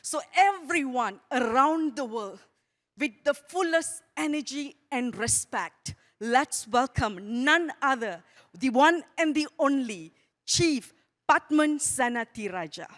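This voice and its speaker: A woman hosting the event, announcing the main speaker in a slow, drawn-out introduction. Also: high voice, animated, a bit bright. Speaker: event host. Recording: distant voice with long hall reverb.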